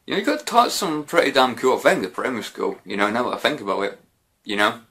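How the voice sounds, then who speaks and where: A man's voice: medium pitch, very animated, fast talker, pushed and bright. A man answering viewer questions in a casual, rambling way, with lots of fillers and mild swearing. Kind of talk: casual Q&A chat.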